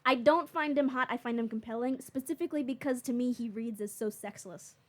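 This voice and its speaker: A woman co-hosting a loose podcast, her voice sitting a touch high. She rambles from one question to the next and swears freely. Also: a little fast. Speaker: podcast co-host. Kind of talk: casual podcast chat.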